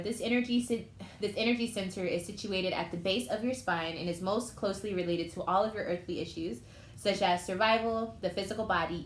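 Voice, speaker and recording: A woman's voice: fairly low pitch, slight background noise. A young woman giving a casual, emotional tarot reading and thinking aloud as she goes. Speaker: tarot reader. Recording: echoey room with faint ambience.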